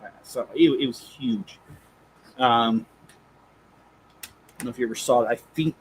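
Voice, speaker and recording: A man's voice: mid-range voice, normal speed, a little hiss or hum, low-quality recording. A man hosting a Lego channel, chatting casually on a live stream, rambling and correcting himself as he goes. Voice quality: rambling, self-correcting, chuckles while reading.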